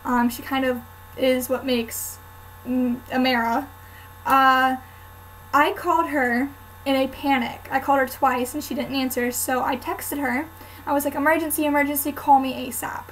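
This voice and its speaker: A woman's voice: high-pitched, fairly even intonation, measured pace, fairly bright tone, a little hiss or hum, poor audio. A young woman vlogger chatting casually to camera, telling a story with lots of "um" and "like". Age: student.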